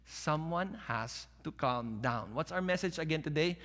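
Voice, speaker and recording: Male preacher, sermon, high voice, bright tone, long hall reverb. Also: normal speed, hardly any pauses. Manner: animated preaching, drops to soft calm voice when quoting. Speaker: pastor.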